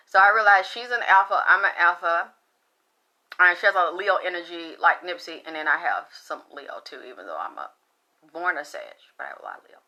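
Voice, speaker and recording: A woman's voice: on the low side, expressive, brisk, sharp tone. A middle-aged woman hosting a casual spiritual talk, blunt and profane, rambling with frequent restarts. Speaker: spiritual talk show host.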